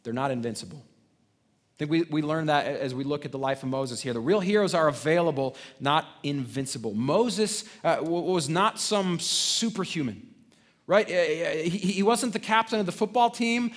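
Higher-voiced man preaching a conversational sermon. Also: animated, moderate pace. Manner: conversational preaching with frequent restarts and tag questions. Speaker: pastor.

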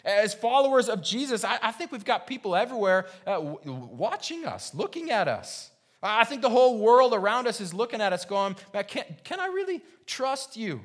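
A man's voice: high voice, expressive, brisk. A man preaching a sermon as pastor, earnest and repetitive, full of rhetorical questions and stammered restarts. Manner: frequent restarts and stammered repeats.

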